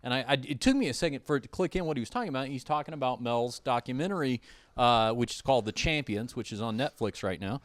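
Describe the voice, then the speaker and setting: A man hosts a relaxed podcast, drifting through anecdotes with frequent fillers and restarts. His voice sits in an ordinary middle register. The sound is dry and close, with no room around it. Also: medium pitch, fast, no room sound. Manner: rambling storyteller, many uh fillers. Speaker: podcast host. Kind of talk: casual podcast chat. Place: a house.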